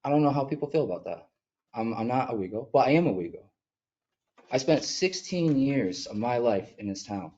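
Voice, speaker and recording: A man who is a mural artist, speaking earnestly and with emotion at a village board meeting, sometimes halting as he gets choked up. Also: medium pitch, lively intonation, mellow, highs cut off. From upstate New York. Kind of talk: emotional public comment. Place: public meeting room.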